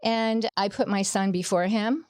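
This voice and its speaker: A woman's voice: medium pitch, fairly even intonation, measured pace, darkish tone, dry recording, studio quality. A middle-aged woman, a podcast guest, giving a personal faith testimony in an earnest storytelling way, acting out the quoted dialogue.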